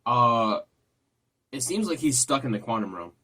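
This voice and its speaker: A man's voice: mid-range voice, animated, moderate pace, over loud music. A man hosting a casual trailer reaction, rambling and repeating himself as he thinks aloud. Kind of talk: casual chat.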